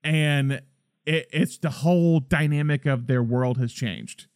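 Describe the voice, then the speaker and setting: A man with a somewhat high voice chatting loosely about a movie on a podcast, restarting sentences and acting out bits of dialogue. The sound is dry and close to the mic. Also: a little slow, smooth, dry recording. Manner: rambling, animated, acts out quotes. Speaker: podcast co-host. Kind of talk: casual film discussion.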